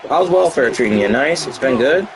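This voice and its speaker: Over a loud game crowd on a live stream, a man with a mid-range, animated voice trash-talks an online opponent at a moderate pace. His live gameplay chat is mocking and sarcastic, and he repeats the same jabs again and again. The recording quality is low.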